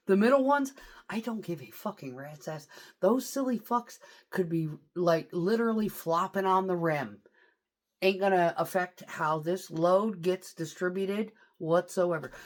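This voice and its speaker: Woman truck driver vlogger, low-set voice, very lively pitch, foul-mouthed storyteller. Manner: profane, animated storytelling. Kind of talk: casual storytelling vlog.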